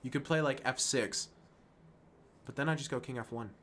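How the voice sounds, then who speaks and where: Man, chess streamer, casual game commentary, excitable, self-mocking, mutters when annoyed, faint typing in background. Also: medium pitch, a little hiss or hum. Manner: excitable and self-mocking, talking fast through move lines; drops to quiet muttering when frustrated.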